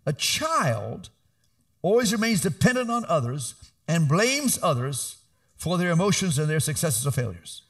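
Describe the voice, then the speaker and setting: Middle-aged male pastor, animated sermon delivery, slightly high voice with lively swings. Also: a little slow. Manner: animated preaching, rising to emphatic calls.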